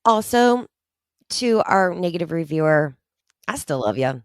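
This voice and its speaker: A woman's voice: fairly low pitch, sing-song, unhurried, smooth, no room sound, studio quality. A woman co-hosting a podcast, talking enthusiastically and rambling with frequent ums. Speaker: podcast co-host. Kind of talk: casual chat.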